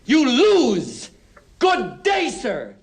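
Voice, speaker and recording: An eccentric, furious chocolatier. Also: male voice, very high-pitched, wildly swooping pitch, very slow, full character voice. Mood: coldly furious. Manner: clipped, icy scolding delivery. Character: eccentric angry male chocolatier, furious and sharp. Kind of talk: film dialogue.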